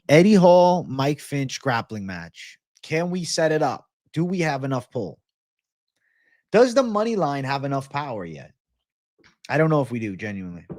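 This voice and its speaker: A man's voice: medium pitch, no echo, clean studio sound. A young man hosting a casual livestream, joking loosely, swearing a lot and talking to his chat. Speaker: livestream host reading chat.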